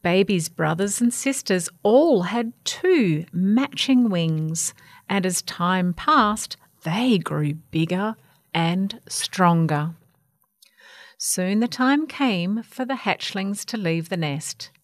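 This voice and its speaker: Woman narrator for a children's storybook, unhurried and animated, dry sound. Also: medium pitch, dry recording. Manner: expressive, slow, animated. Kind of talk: children's picture book read aloud.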